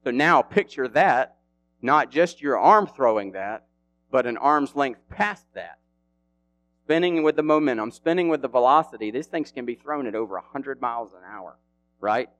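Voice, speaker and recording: A man preaching a casual, animated sermon in an easygoing, slang-filled way. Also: medium pitch, normal speed.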